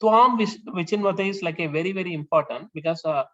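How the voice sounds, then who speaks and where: A man leading a scripture class, explaining the verses slowly with many fillers and restarts. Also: high voice. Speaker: class leader. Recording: dull lo-fi sound.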